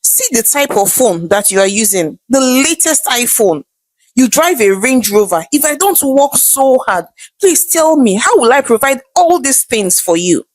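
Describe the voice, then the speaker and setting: A woman's voice: sits high, big pitch swings, a little slow, dry recording, full character voice. Woman voicing a defensive young husband.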